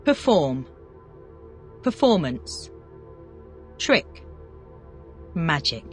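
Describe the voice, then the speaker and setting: Lively-toned teacher voice running a drill. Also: medium pitch, soft background music. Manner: reads single words, then brisk drill questions. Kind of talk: scripted question-and-answer drill.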